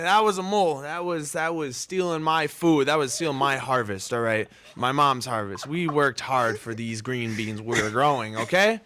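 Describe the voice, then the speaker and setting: A man co-hosting a casual podcast, telling a childhood story in a loud, profane, animated way and laughing as he goes. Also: mid-range voice, normal speed, hardly any pauses, dry recording. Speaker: podcast co-host.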